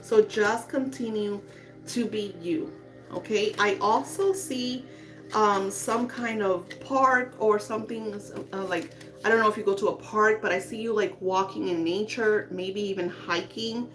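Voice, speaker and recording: A woman's voice: medium pitch, steady tone, measured pace, faint music behind. Soothing woman giving a psychic reading. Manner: soft, soothing, spiritual affirmations. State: emotional. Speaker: psychic reader.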